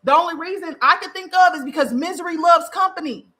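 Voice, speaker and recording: A woman's voice: very high voice, quick pace, bright, forceful tone. A woman podcast host giving a spiritual monologue, fiery and profane, repeating phrases for emphasis.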